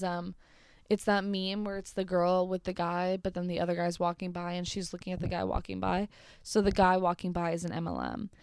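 A woman's voice: on the low side, a little mellow, clean tone, no echo, studio quality. A woman reading messages aloud and reacting with blunt, exasperated, sweary commentary in a casual vlog. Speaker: vlogger.

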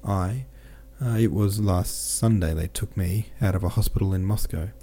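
A man's voice: low-pitched, normal speed, mellow. A man voicing a kindly little peasant soldier with a tender, sing-song manner in an audiobook reading. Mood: gentle, kindly.

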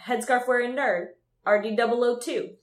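A young Midwestern woman co-hosts a podcast, cracking jokes and stumbling over words. Her voice sits a little high. The room around her has a noticeable echo. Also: steady tone, moderate pace. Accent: Midwestern American. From Michigan, USA. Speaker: podcast co-host. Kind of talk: casual podcast chat. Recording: roomy echo.

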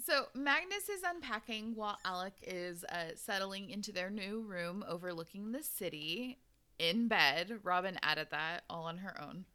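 Animated, laughing woman podcast host. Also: medium pitch, unhurried, clear, resonant tone. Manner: animated, laughing, swears casually. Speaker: podcast host recapping a romance novel. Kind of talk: casual chat.

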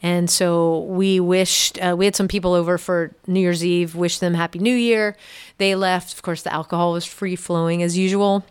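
A middle-aged woman with a lowish, smooth voice tells her story on a podcast. She speaks earnestly and haltingly, quiet and reflective, often trailing into hushed pauses. Her tone stays personal and unpolished. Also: steady tone. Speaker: podcast guest. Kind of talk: personal testimony.

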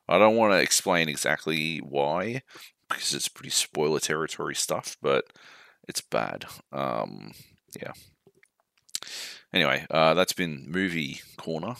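Deep, lively Australian man, sweary banter. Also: unhurried, creaky, long pauses, no echo, studio quality. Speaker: podcast co-host. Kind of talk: casual chat. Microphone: laptop mic.

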